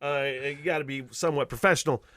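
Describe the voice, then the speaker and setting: A man's voice: mid-range voice, steady tone, quick pace, a bit bright, no echo, clean studio sound. A man hosting a radio show, chatting casually and rambling with lots of fillers. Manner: rambling, laughs easily, many "uh" fillers.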